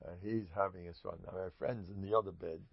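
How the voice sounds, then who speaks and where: A man telling stories in an animated, rambling way, chuckling and restarting his sentences often. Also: deep voice, fast, creaky, breathy edge. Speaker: Hasidic storyteller giving a talk. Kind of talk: informal storytelling talk. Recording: dull lo-fi dry recording.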